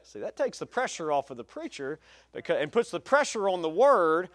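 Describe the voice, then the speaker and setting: A man's voice: high-pitched, very animated, a little fast. A male pastor preaching a sermon with emphatic stress, folksy asides and changing pace.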